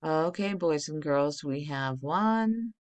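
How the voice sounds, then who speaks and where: A woman's voice: deep voice, lively intonation, takes it slowly, smooth. A middle-aged woman teacher giving a recorded spelling and grammar lesson to children, explaining patiently step by step.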